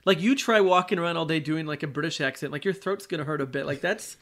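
A man with a voice a little higher than most men's, co-hosting a relaxed film chat. He is easygoing, laughs often and fills his sentences with "like". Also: fast talker. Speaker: podcast co-host. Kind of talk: casual film discussion.

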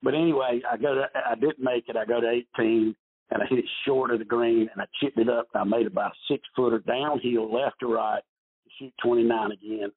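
A man's voice: medium pitch, fairly even intonation, brisk, breathy edge. An older man telling rambling golf stories in a podcast interview, with many restarts, heard over a phone line. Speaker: golf pro guest.

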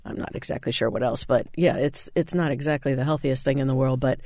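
A man's voice: mid-range voice, quick pace, a little mellow, dry recording, studio quality. A man who is a chef guest, chatting casually and enthusiastically about food.

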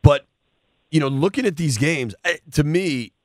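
A man hosting a sports talk debate, posing questions and thinking aloud with halting restarts. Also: a little high, animated, darkish tone, no room sound, studio quality.

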